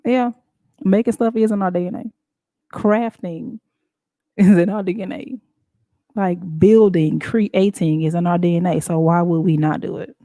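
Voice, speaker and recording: A woman hosting a show, talking in a casual, animated and emphatic way with frequent laughs. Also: on the low side, a little slow, no echo. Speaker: show host. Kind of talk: casual talk-show monologue.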